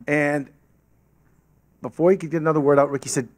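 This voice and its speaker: A man on the high side of the range talks a little fast but takes long pauses while guest-speaking to a club in a meeting hall. Using a podium microphone, he tells an animated story, acting out quoted voices.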